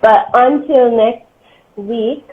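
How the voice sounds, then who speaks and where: A woman's voice: on the high side, takes it slowly. A woman hosting an interview, an encouraging listener who often answers with short affirmations. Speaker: host. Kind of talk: casual interview chat. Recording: tinny phone-like line with faint noise.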